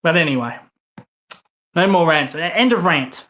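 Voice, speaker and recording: A man's voice: fairly high pitch, expressive, moderate pace, muffled recording. A man with an Australian accent hosting his own channel, ranting angrily with lots of swearing and repeated phrases. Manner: profane, repetitive ranting. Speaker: host. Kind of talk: angry rant vlog.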